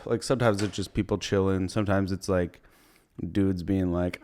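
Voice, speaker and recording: A young man hosting a comedy podcast, recapping a movie in a rambling, profane way, laughing as he goes and slipping into quick character voices. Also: sits low, a little mellow. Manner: rambling, profane, laughs while retelling scenes and puts on brief character voices.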